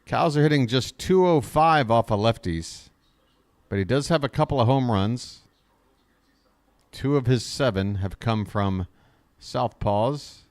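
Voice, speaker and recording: A man calling a baseball game as a fan streamer, chatting directly with his viewers and getting excited on big plays. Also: mid-range voice, unhurried, pauses often, no room sound. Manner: chatty, talks straight to his chat viewers. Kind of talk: live fan play-by-play commentary.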